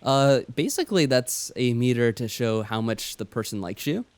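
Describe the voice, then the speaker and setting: A man's voice: medium pitch, animated, dry recording. Jokey man commenting on a game. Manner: jokey asides, quick bursts. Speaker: let's player. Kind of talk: casual commentary while playing.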